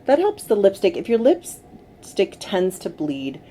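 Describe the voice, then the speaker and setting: A middle-aged woman working as a makeup artist, giving gentle, coaxing instructions to a client during a tutorial. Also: medium pitch, huge pitch swings, measured pace. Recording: faint background noise.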